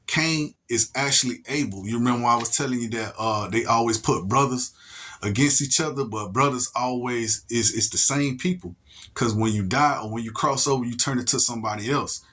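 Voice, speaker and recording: A man's voice: medium pitch, sharp tone. A man talking in a rambling casual monologue, restarting his sentences, stammering, and often asking whether you get him. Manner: slow, drawn-out emphasis on single words. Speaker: solo video monologue speaker.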